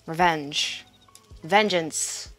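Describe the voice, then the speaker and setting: A woman with a fairly low voice talks slowly and casually over her gameplay. She reads objectives aloud, reacts with laughs and chats with her viewers. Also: fairly bright tone, soft background music. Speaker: gaming video host.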